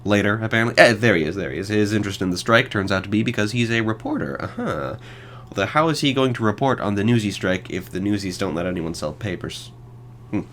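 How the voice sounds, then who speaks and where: A man's voice: lowish voice, lively intonation, brisk, fairly bright tone, slight background noise. A man in his twenties hosting a solo podcast, reviewing films with casual commentary and sarcastic, wry asides. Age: 20s. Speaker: podcast host.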